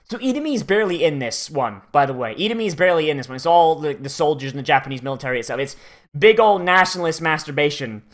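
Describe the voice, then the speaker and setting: Male reaction host, slightly high voice, rambling and sweary, lots of restarts. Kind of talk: casual profane commentary.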